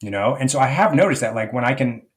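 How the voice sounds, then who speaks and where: A man's voice: medium pitch, expressive, quick pace. A man speaking as a life coach guest in a podcast interview, reflective and rambling, with many fillers and restarts.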